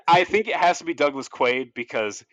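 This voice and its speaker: A man casually pitching a movie story on a podcast, rambling loosely with lots of "like" and "you know" and frequent restarts. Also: animated, normal speed, a bit bright, no room sound, dull audio. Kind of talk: casual chat.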